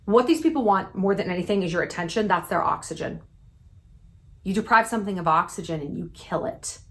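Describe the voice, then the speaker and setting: A woman in her thirties giving blunt advice straight to her viewers, emphatic and salty-mouthed, with big swings in pitch. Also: brisk, a bit bright. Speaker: YouTube commentator. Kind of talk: direct-to-camera advice talk.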